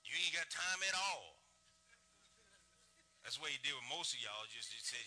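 A man's voice: medium pitch, lively intonation, normal speed, long pauses, pushed and bright, slight background noise. A middle-aged man preaching a sermon as pastor, folksy and rising and falling in his delivery.

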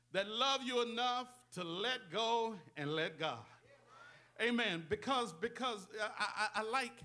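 A male pastor preaching in a call-and-response style, dropping amens and putting rhetorical questions to the congregation. His voice is strikingly high and bright, with a forceful ring. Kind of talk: sermon.

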